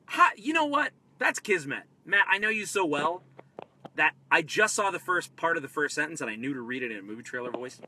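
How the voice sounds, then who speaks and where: A man hosting a live tabletop-game advice stream, energetic and excitable, swinging between loud bursts and quiet asides. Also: a little high, normal speed, long pauses, a little hiss or hum. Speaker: host.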